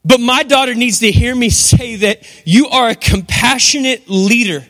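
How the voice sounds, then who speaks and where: A man's voice: very high voice, normal speed, fairly bright tone. A middle-aged man preaching a sermon as pastor, emphatic and repetitive, with rhetorical questions. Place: church hall. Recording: long hall reverb.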